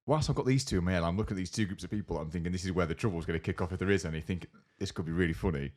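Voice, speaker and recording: A young man co-hosting a casual podcast chat, telling an animated story and acting out other people's lines. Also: sits low, very fast. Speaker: podcast co-host.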